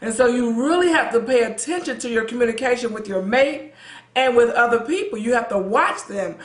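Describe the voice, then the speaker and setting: A woman's voice: a little high, animated, brisk. A woman, a pastor's wife and co-host, chatting earnestly about marriage and telling personal stories, often repeating words as she talks. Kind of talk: conversational storytelling. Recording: echoey room.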